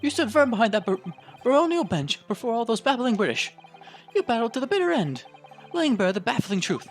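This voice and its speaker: A woman voicing an excitable young Japanese man who gushes in theatrical, alliterative outbursts. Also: on the high side, fairly quick, faint music behind, pitched above the performer's own voice. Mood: gushing.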